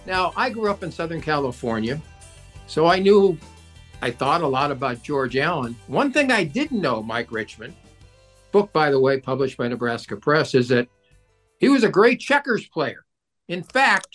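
A man hosts overnight sports radio in a slightly raised voice. He talks in an upbeat, emphatic way as he welcomes callers and guests. Soft music sits faintly under him. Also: a little high, sing-song, unhurried. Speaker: radio sports show host.

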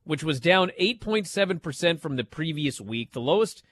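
Bright, lively male radio host. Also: a little high, moderate pace. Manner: animated storytelling, rhetorical questions. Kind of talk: casual radio talk.

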